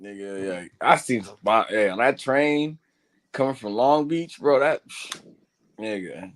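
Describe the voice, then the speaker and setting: A man's voice: on the low side, animated, a little slow. A man from Seattle, host of the show, telling stories in a casual chat, full of laughter and profane slang.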